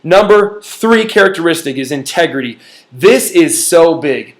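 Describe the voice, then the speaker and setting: A man's voice: a little high, lively intonation, unhurried. Emphatic young man coaching viewers. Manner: earnest, emphatic, speaks straight to viewers. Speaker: business trainer. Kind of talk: motivational teaching talk.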